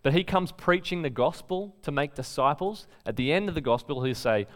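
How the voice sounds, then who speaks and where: A man's voice: fairly high pitch, brisk, hardly any pauses. A man preaching a sermon in a conversational way, telling stories and quoting speakers with emphasis. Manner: conversational preaching with lively storytelling and emphatic quotes. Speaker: pastor.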